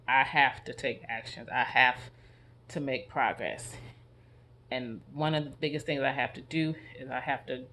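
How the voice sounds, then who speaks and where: Earnest, halting man vlogging. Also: medium pitch, fairly even intonation, slight background noise. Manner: soft-spoken, halting, earnest and confessional. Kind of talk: personal reflective vlog.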